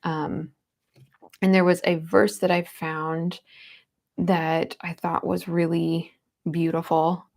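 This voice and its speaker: A woman's voice: fairly low pitch, little pitch movement, slow pace, creaky, pauses often, darkish tone. A woman hosting a livestream, talking earnestly and tenderly while greeting viewers in the chat. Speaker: livestream host. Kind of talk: casual heartfelt live chat.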